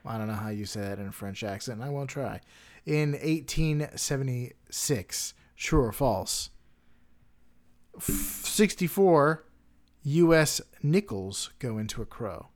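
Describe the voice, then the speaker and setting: A man's voice: medium pitch, expressive, measured pace, a little mellow. Loose, chatty male podcast host. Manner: loose storytelling with many "like" fillers, dry wordplay. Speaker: podcast co-host presenting facts and quiz. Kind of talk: casual chat.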